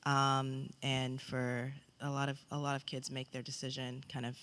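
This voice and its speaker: A man's voice: medium pitch, completely flat delivery, moderate pace, sharp tone, clean tone. A man speaking as a college tennis coach on a panel, plain and matter-of-fact. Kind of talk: panel discussion.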